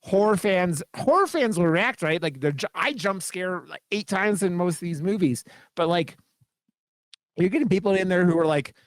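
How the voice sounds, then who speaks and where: Excitable profane male podcast co-host. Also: sits high, normal speed, no echo, studio quality. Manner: rambling, profane, enthusiastic. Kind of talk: casual podcast chat.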